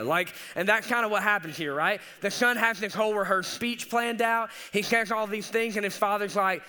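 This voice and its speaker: A man's voice: high voice, brisk, sharp tone, clear, resonant tone. A young man preaching a sermon as a teaching pastor, earnest and conversational with casual asides.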